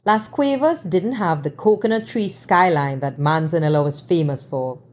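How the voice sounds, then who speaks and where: A woman narrating a first-person novel in a measured, wry way. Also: lowish voice, darkish tone. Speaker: audiobook narrator.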